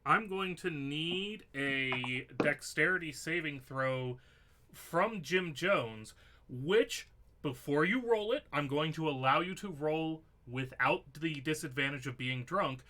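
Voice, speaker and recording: A man's voice: fairly high pitch, takes it slowly, bright, forceful tone. A man narrating a tabletop game as game master, with wry, theatrical descriptions.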